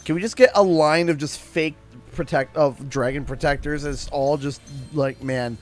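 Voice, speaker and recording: A young man with a Canadian accent and a high, light voice, chatting on a gaming livestream. He's giggly and excitable, breaking into laughter as he reads out chat, with faint game music under him. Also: moderate pace. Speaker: streamer.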